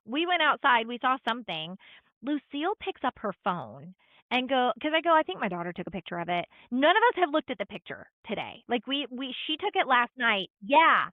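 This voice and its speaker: Her voice sits fairly high and bursts with animation, moving fairly quickly over a tinny, phone-like recording free of room sound. She's a middle-aged podcast co-host sharing a travel tale in casual conversation, peppered with "like" and quoted asides she acts out.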